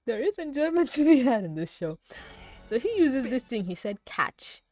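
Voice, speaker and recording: Swearing woman ranting in a lively voice. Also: on the high side, moderate pace, faint music behind. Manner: profane, laughing often, rants. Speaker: animated series reviewer. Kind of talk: reaction commentary on a cartoon.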